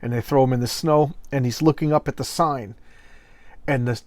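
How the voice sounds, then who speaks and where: A man recaps a comic book in a loose, chatty way, tossing in offhand asides. His pitch is ordinary for a man. The recording is dry, with no room sound. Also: fairly even intonation, normal speed, dry recording. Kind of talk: casual retelling of a comic.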